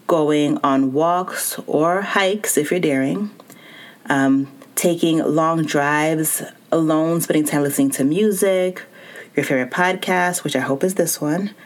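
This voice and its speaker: Podcast host, female, low voice, encouraging solo talk to listeners. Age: adult with child and spouse. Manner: warm encouraging, speaks directly to listener.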